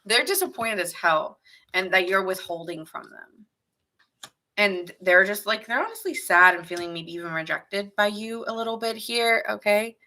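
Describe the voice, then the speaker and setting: A woman's voice: lowish voice, normal speed, sharp tone. A woman giving a casual live tarot reading, chatty and laughing often as she acts out what people think. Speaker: tarot reader.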